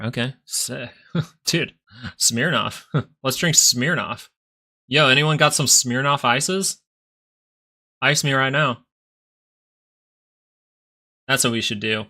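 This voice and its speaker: A man's voice: mid-range voice, gravelly, sharp tone. A man hosting a live stock market stream, chatting casually and rambling between chart talk and answers to viewers. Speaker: stock market livestream host.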